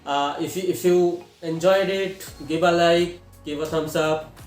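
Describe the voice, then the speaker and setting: A man's voice: fairly high pitch, fairly even intonation, unhurried, soft background music. A man giving a casual spoken TV show review to his channel, rambling with lots of fillers and restarts. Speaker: film and TV reviewer. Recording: echoey room.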